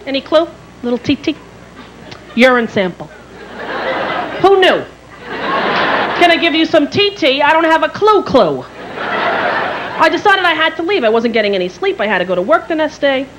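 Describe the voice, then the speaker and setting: A woman in her thirties doing a stand-up comedy routine on a theater stage, telling stories in an animated way and acting out other people. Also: high-pitched, moderate pace, long pauses, noisy background. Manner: animated storytelling, acting out characters. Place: theater stage before a live audience. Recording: 1990s TV broadcast with loud crowd.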